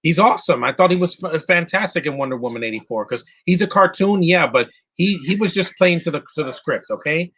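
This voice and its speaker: A man's voice: a little high, expressive, a little fast, hardly any pauses, a bit bright, husky. A man giving casual live commentary on a movie, answering chat questions bluntly with frequent restarts and fillers. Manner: opinionated, blunt, insulting.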